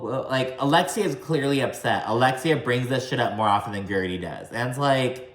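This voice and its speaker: A man recapping a reality show in a casual, profane vlog, talking fast and slurring words together, with a slight country twang. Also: medium pitch, a bit bright, reverberant. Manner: chatty, swears often, says "like" a lot.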